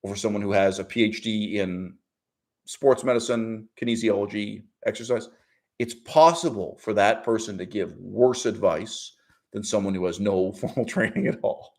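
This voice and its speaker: A man with a darkish tone, speaking at normal speed, hosts his own channel and delivers an opinionated monologue. He's argumentative and emphatic, with abrupt pitch jumps, mock quotes, frequent restarts, fillers and short laughs while speaking.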